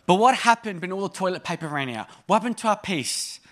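High-voiced man preaching with humor. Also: animated, quick pace. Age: 30s. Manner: conversational and humorous, with sudden emphatic rises and soft drops. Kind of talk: sermon.

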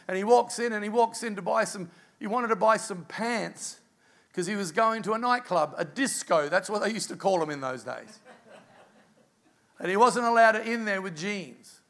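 Speaking at a moderate pace in a high-pitched voice, a middle-aged Australian pastor preaches. His sermon features a lively personal anecdote and some quietly spoken asides.

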